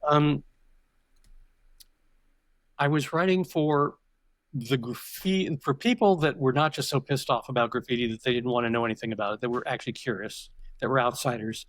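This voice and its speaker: In a conversational interview, an older male podcast guest reflects and drifts off topic while telling stories, repeatedly restarting his sentences. His voice is mid-range, fairly even in intonation, at a normal speed, with no echo.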